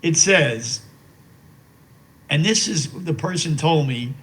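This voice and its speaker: An older man speaking as an interview guest, remembering his late wife with emotion, halting over fillers and restarts. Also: on the high side, animated, a bit bright, breathy edge, low-quality recording. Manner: slow and reverent while reading a poem aloud.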